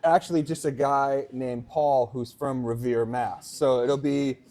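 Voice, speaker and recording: A man from Massachusetts co-hosting a podcast live in front of an audience, chatting casually and breaking into loud, profane mock rants. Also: mid-range voice, fairly even intonation, measured pace. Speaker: podcast co-host and snowboard commentator.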